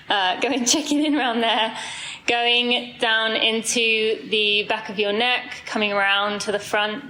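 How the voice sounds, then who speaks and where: A woman leads a group run, guiding everyone through a calm, unhurried body scan before heading out. Her voice is bright and clear, with faint background noise around her. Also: medium pitch, low-quality recording. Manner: calm, slow guiding with soft fillers. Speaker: host leading a group run. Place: indoor space with a group, then outdoors on a street.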